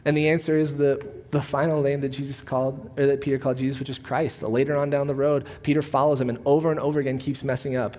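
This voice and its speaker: A pastor preaches to his congregation in a church auditorium, the sound trailing off in a long reverb. His voice sits on the high side and moves briskly as he spins stories in an easygoing, conversational, joking way.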